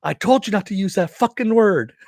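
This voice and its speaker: A man voicing a hulking male shark convict who shouts swearing threats. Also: high-pitched, animated, fairly quick, no room sound, studio quality, voice pushed up. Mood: enraged.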